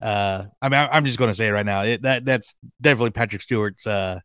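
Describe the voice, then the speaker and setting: A man hosting a fan podcast in casual chat, excitable and rambling, with lots of fillers and restarts. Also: lowish voice, fast, clean tone, dry recording, clean studio sound. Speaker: podcast host.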